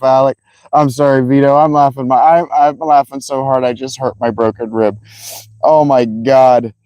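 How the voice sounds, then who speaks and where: Hoarse dude in his 30s streaming by a fountain, mellow low voice, keeps cracking up and cussing. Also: no room sound. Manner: laughs often, swears, excitable. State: strained, worn voice. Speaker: livestreamer. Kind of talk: casual livestream chat. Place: outdoors by a fountain.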